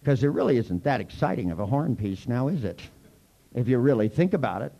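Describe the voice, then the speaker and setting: Gravelly lively man leading a workshop. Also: medium pitch, poor audio. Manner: playful, teasing with mock threats. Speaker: workshop leader. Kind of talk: live workshop teaching.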